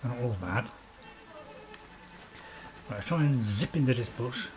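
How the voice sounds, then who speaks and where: A man's voice: mid-range voice, animated, a little slow, a little mellow, soft background music, rough recording. A British man hosting a gameplay video, chatting and joking at his own expense while he plays. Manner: chatty, joking, self-mocking, laughs often. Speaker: gaming video host. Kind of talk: let's-play commentary. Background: dog barking nearby.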